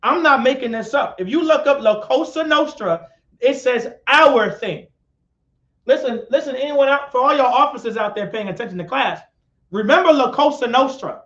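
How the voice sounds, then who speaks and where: A man's voice: extremely high pitch, moderate pace, fairly bright tone. A man teaching a live-streamed class lecture, repeating himself and putting questions to his listeners. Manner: repetitive, questions the audience and calls on them. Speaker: class instructor. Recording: echoey, dull lo-fi sound.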